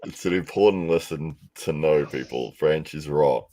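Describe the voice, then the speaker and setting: A man's voice: rumbling low, normal speed, dark tone. A man co-hosting a podcast, jokingly reading out viewer comments in casual chat. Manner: jokey, laughs often, reads comments aloud. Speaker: podcast co-host.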